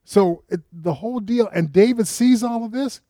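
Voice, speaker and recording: Mellow-voiced preacher man, dry sound. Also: high voice, normal speed, no echo. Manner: conversational storytelling with rhetorical questions; frequent restarts, rises with emphasis. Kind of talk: sermon.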